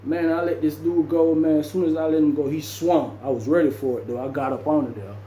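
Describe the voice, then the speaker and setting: A man spins a lively story in a relaxed, mellow voice, acting out the people in it and adding sound effects as he goes. The room around him is echoey, with a faint hum of ambience underneath. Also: fairly high pitch, a little fast. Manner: animated, acts out quotes and sound effects. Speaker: storyteller recounting his jail time. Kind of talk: casual storytelling.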